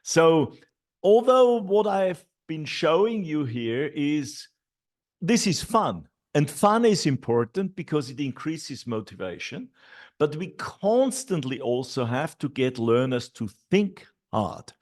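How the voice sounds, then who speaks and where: Man, middle-aged, teacher trainer, slow delivery, animated pitch, lots of ums. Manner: explains classroom steps slowly, with many fillers and repeated et ceteras. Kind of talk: online teacher training talk.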